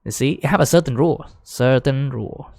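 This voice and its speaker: A man giving a casual whiteboard lecture, full of fillers like "right?", growing excited as he explains. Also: mid-range voice, brisk, gravelly, dry recording. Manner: chatty, many fillers, rising excitement when explaining. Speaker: teacher.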